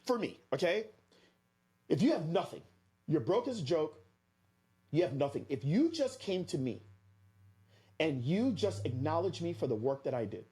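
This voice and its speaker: Lively, husky-voiced man telling a story. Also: on the high side, normal speed, long pauses. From Florida. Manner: energetic, emphatic, addresses listeners directly. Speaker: podcast guest. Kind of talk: animated storytelling to an audience.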